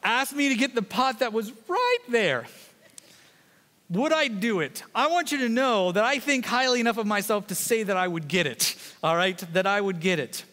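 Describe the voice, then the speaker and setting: A man pastor preaching a sermon in a fast, conversational way, with joking asides to the congregation. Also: high voice, lively intonation, sharp tone, long reverb tail.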